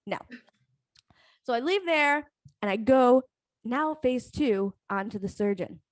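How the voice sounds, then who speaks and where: A young woman spins a comic personal story on a live stream, swearing freely and mocking herself with animated energy. Her voice sits a little high and sounds dry and close, with no room around it. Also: takes it slowly, no echo. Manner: profane, animated, self-mocking.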